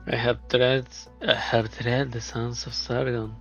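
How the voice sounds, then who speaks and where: A man voicing a stern, reserved young actor who answers tersely and quietly. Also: medium pitch, level tone, measured pace, gravelly. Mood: guarded. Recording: dull lo-fi, faint music.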